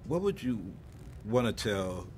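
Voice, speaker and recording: A man's voice: lowish voice, very animated, a little slow, a little hiss or hum. A man interviewing film talent at a press junket, asking eager, fan-like questions.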